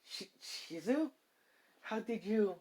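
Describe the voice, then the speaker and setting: A man's voice: a little high, expressive, normal speed, darkish tone. A man voicing a kind young man reborn as a slime, caring and easily flustered, who talks hesitantly with stammers and fillers.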